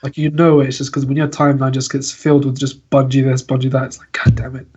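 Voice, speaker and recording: A man's voice: medium pitch, flat delivery, quick pace, a little mellow, husky, highs cut off. A man co-hosting a casual gaming podcast who speaks bluntly and emphatically. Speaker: podcast co-host.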